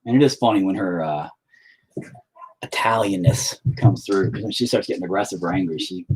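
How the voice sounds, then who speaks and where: A man's voice: low voice, fairly quick, breathy edge, rough recording. A man chatting casually as he paints at home, rambling, swearing often and joking around. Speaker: artist painting on a stream. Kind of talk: casual chat while painting. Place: at home near the dining table.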